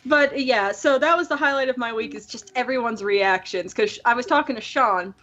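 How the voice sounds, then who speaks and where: Young female podcast host, high voice, giggly storyteller, lo-fi mic. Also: a little fast, a bit bright. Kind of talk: casual podcast chat. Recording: slightly dull lo-fi sound.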